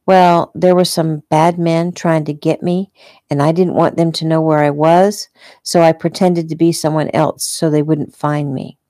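Casting: gentle hurt man, soft and tender with kids, low mellow voice, read by a woman. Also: level tone, unhurried, no echo, clean studio sound. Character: injured gentle man, tender with little girls.

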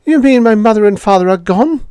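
A man voicing a young boy in a storybook reading, calling out and pleading for his missing parents in a raised, high voice. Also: lively intonation, brisk, mellow, smooth, no room sound, clean studio sound. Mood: distressed.

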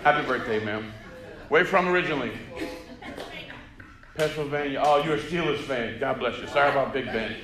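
A man's voice: medium pitch, quick pace. A man doing stand-up crowd work on a comedy club stage, chatty and teasing with the audience, into a handheld mic. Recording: echoey live venue with crowd.

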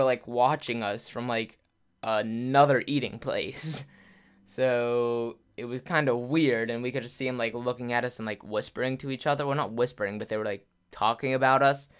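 A man's voice: mid-range voice, steady tone, normal speed, smooth. A young man casually telling a rambling story to his viewers, full of "like" fillers and acted-out quotes. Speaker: YouTuber.

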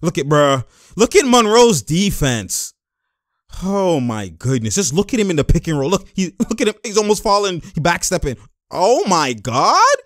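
A young man talks over game footage in a lively, swooping voice that sits a little high. He breaks out in exclamations and laughs often. The close mic sounds dry, with no room echo. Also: normal speed. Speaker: host. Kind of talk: casual game-watching commentary.

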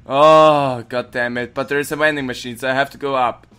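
A man giving playfully grumpy let's-play commentary, swearing and yelling strings of protests at the game. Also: medium pitch, steady tone, a little fast, clean tone. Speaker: gaming channel host.

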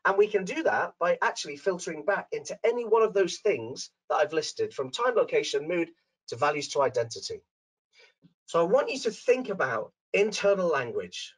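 Middle aged scouse guy doing a webinar, animated, acts out voices in his stories, pretty lively. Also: normal speed, low-quality recording. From Liverpool, England. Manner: acts out characters in his anecdotes with big pitch swings. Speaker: dental coach and webinar presenter. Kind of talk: animated webinar talk with storytelling. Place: room at home.

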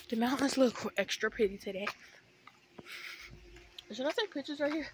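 A teenage girl talks to her viewers while walking outside, slightly out of breath. Her voice sits a touch high, and she rambles in a loose, profane, chatty way. A faint outdoor hiss sits under the phone recording. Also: moderate pace. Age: teens. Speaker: vlogger. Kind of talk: casual vlog talk to viewers. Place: outdoors on a walk.

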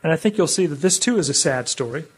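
Guy preaching a public talk, kinda husky voice, keeps asking the audience stuff. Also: a little high, expressive. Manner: asks the audience questions, slows to stress key words. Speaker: public speaker.

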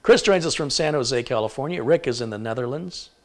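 A man from Michigan hosting a live tech stream, briskly reading out where viewers are tuning in from and stumbling over hard-to-pronounce names. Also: mid-range voice, expressive. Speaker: tech livestream host.

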